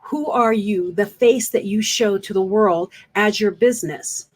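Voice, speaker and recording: A woman's voice: medium pitch, measured pace, darkish tone. A woman speaker coach talking straight to camera in an earnest, coaching manner, repeating points for emphasis. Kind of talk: direct-to-camera advice vlog.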